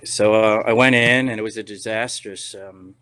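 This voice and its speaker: Middle-aged male actor, low-pitched, casual rambling interview storyteller. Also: fairly even intonation, normal speed, a bit bright, clear, resonant tone, dry recording. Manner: rambling, many restarts and "you know"s. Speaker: actor and podcast guest.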